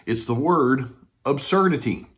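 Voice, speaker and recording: A man's voice: mid-range voice, expressive, measured pace. A male counselor speaks conversationally to the camera, acting out the people he quotes. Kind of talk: talking to camera about difficult people.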